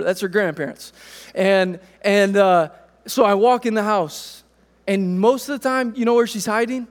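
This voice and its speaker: A man in his thirties preaching a sermon, telling a family story in a relaxed, conversational way. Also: high voice, normal speed, long reverb tail. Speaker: pastor.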